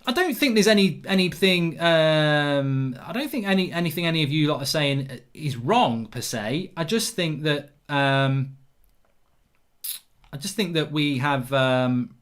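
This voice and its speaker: Brief: middle-aged man, football fan stream host, animated and excitable, swears freely, slightly high voice. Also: unhurried. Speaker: football fan channel host reading live chat. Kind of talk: casual live-stream commentary.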